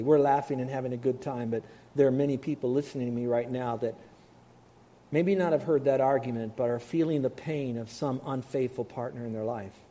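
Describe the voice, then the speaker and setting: A male preacher giving an animated, emphatic sermon and calling on the audience to respond. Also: mid-range voice.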